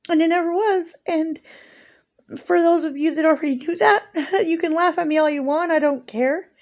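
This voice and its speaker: Creaky-voiced rambling woman vlogger. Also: very high-pitched, moderate pace, a little mellow. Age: 40s. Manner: rambling, emotional, confessional. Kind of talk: casual rambling vlog monologue.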